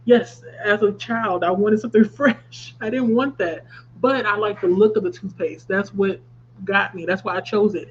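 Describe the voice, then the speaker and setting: A woman's voice: mid-range voice, normal speed. A woman in her thirties hosting a casual craft livestream, chatting and reacting to viewer comments with laughs. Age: 30s. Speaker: livestream host. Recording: slightly dull stream audio with faint hum.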